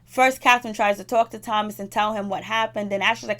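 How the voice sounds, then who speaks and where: A woman's voice: medium pitch, steady tone, fast talker, a bit bright. Chatty woman recapping a show. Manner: chatty, laughs often, acts out quotes. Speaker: TV show reviewer.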